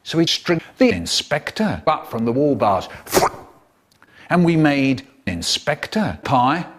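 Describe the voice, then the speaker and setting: A man telling a comic story dramatically, swinging from loud to hushed. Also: a little high, big pitch swings, slow.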